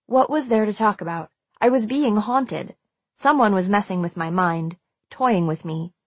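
Brief: female audiobook narrator, mid-pitched, tense and emotional delivery, dry close studio sound. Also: animated, unhurried, slightly rough, dry recording. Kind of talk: first-person audiobook narration.

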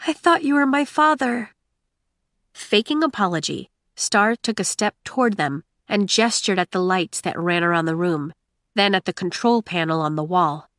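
A woman narrating a story in a measured, gentle storytelling voice. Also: lowish voice, no echo, clean studio sound. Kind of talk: audiobook narration.

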